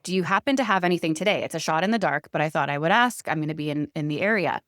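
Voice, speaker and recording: Casual podcast co-host, woman, smooth and lowish, animated teller who acts out quotes. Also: racing, no echo, clean studio sound. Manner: animated storyteller, laughs often, acts out quoted lines. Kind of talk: casual storytelling chat.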